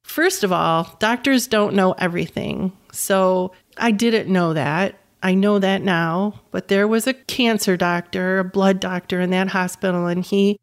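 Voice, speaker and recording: A woman in her fifties recounting a personal story in conversation. She speaks earnestly and with emphasis, often repeating words to drive a point home, at an ordinary middle pitch. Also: unhurried, few pauses. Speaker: guest, caregiving mother.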